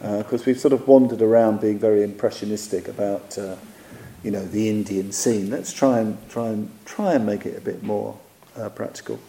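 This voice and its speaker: A man giving a dharma talk, reflective and measured, often pausing on fillers while he searches for words. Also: lowish voice, steady tone, mellow, a little hiss or hum. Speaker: Buddhist teacher. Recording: echoey hall.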